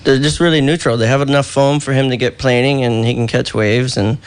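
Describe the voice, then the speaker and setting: A man's voice: mid-range voice, steady tone, brisk, clear, resonant tone. Laid-back middle-aged man, phone guest. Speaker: guest surfboard shaper. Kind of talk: casual radio chat. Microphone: phone line.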